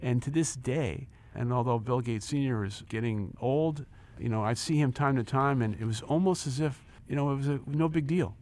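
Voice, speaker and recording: A man's voice: mid-range voice, moderate pace, few pauses. A man in his sixties, a guest in an interview, telling a personal story with energy, acting out the dialogue and repeating words as he gets carried away. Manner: animated storyteller, acts out quoted dialogue, repeats words when excited. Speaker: interview guest, former company chief.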